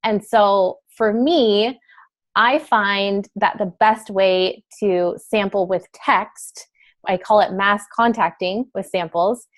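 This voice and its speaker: A woman teaching a class in a chatty, casual way, with many fillers and quick switches into acted examples. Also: medium pitch. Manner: chatty, filler-heavy, breaks into role-play quotes. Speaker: wellness sales trainer. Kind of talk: casual instructional talk.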